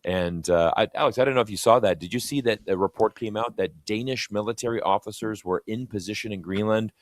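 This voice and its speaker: A man's voice: on the low side, brisk, dry recording. A Canadian man with a Canadian accent co-hosting a live talk show, rambling and opinionated with lots of fillers. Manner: rambling, many "you know" fillers, opinionated. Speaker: co-host of a live talk stream. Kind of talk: casual political chat.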